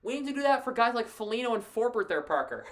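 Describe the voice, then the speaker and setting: Calling a hockey game live as a fan, a woman keeps the play-by-play casual, laughing easily and getting excited, with friendly side remarks to her co-host. She speaks at a fairly high pitch.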